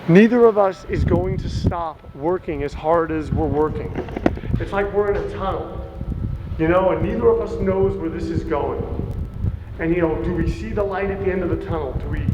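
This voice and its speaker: A man with a high voice speaks at ordinary speed, lightly acted, as the lead in a short comedy film. He plays a dumped young man pleading and rambling to his ex in a video message filmed near traffic. The recording has its highs cut off and includes street sounds of passing cars.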